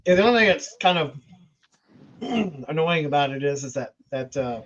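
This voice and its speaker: Man, higher voice, halting explanations, dull mic. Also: animated, slight background noise. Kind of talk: casual group chat on a stream.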